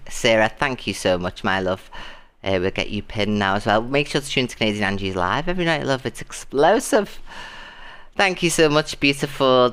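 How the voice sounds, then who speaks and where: Smooth-voiced British male streamer. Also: lowish voice. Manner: animated, shrieking with delight at gifts. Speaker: live streamer. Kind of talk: casual live-stream chat.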